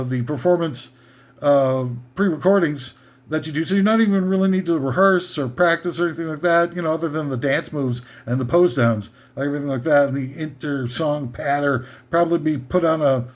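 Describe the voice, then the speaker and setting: A man hosting a comedy list show, delivering a rambling sarcastic rant full of "you know" and "uh" fillers. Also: fairly high pitch.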